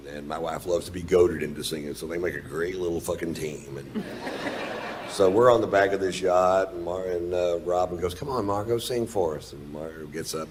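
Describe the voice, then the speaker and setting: A man's voice: extremely low pitch, a little hiss or hum. A man telling a long stand-up story in a laid-back, profane, drawling way. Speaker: stand-up comedian. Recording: played stand-up clip.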